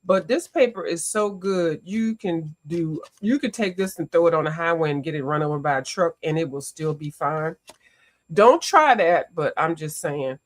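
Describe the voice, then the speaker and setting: This coloring livestream host has a deep voice and talks at normal speed with few pauses. Chatty and animated, she greets her viewers and exclaims frequently.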